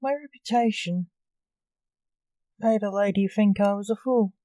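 A woman's voice: medium pitch, unhurried, dark tone, no echo, natural voice, low-quality recording. A woman reading the lines of a sad, lovesick young prince in a story, in her own voice. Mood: gloomy.

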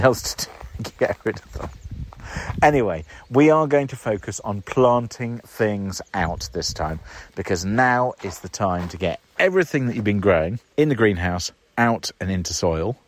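With no room sound on the recording, a fairly low-pitched man hosts a gardening podcast while working outside among his plants. His casual walk-and-talk commentary is chatty, wry, and self-deprecating.

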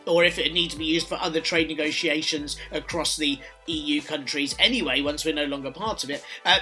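A man's voice: a little high, bright, forceful tone. A man with a British accent delivering a scripted satirical monologue in a sardonic, dry, mocking way. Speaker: satirical news presenter.

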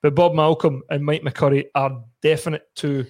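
A Scottish man hosts a casual football podcast with a fairly high voice. He is chatty and laughs often. He swears loosely as he runs the show. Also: level tone, normal speed, darkish tone. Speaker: podcast host.

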